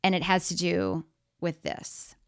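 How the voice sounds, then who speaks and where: A middle-aged woman speaks from the stage with a smooth, clear voice, recorded close and dry. She keeps it conversational, playing out little everyday scenes and asking the audience questions as she goes. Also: lowish voice, sing-song, unhurried, dry recording. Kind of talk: motivational stage talk.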